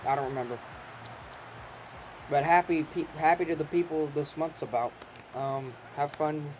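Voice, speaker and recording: A young man casually commenting on a football video game he is playing, joking and swearing with bursts of excitement. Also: a little high, moderate pace, slight background noise. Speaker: gaming channel host.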